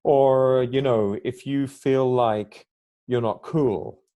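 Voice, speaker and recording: Mellow-voiced man talking things through. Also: mid-range voice, fairly even intonation, takes it slowly, muffled recording. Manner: reflective, explains ideas at length, acts out little quoted exchanges. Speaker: podcast guest. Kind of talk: conversational podcast talk.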